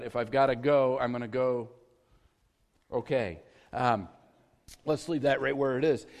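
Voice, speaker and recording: Folksy pastor preaching in a reverberant church. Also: male voice, medium pitch. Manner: conversational, folksy storytelling with humor. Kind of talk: sermon. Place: church sanctuary.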